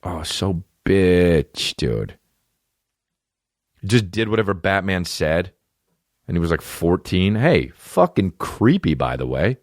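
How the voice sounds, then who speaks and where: A low-voiced man rambles through a comedy podcast, swearing freely and lurching between swooping highs and lows. The sound is dry and close, with little room around him. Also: big pitch swings, measured pace, pauses often, no echo. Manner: profane, rambling, jumps into goofy voices. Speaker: podcast host. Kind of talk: casual comedic chat.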